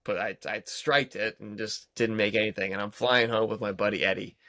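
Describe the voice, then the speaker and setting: A man's voice: lowish voice, steady tone, brisk, bright, forceful tone, no room sound, clean studio sound. A man in his thirties, a golf pro and podcast guest, telling loose self-deprecating anecdotes in casual chat. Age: 30s.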